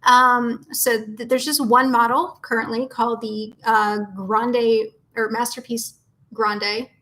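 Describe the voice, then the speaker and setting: A woman's voice: a little high, level tone, slow pace, fairly bright tone, poor audio. Chatty woman co-hosting a live Q&A. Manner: chatty, reads out questions, corrects herself. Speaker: co-host answering viewer questions. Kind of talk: casual live chat. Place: home.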